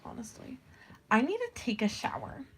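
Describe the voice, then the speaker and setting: A woman's voice: on the high side, big pitch swings, moderate pace, in a whisper. A young woman telling stories in a rambling, casual way, swearing freely and saying "like" constantly. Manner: rambling, profane, lots of "like". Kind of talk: casual storytelling vlog.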